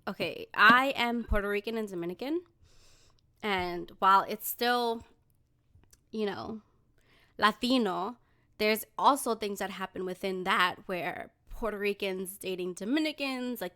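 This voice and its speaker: A woman hosting a podcast in casual chat, unhurried and relaxed, with fillers and easy laughter. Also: medium pitch. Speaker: podcast host.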